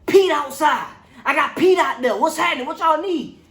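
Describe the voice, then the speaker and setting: A panicked male police officer, yelling, excited, raised pitch, echoey room, as a reviewer voices him. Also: moderate pace. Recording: roomy echo.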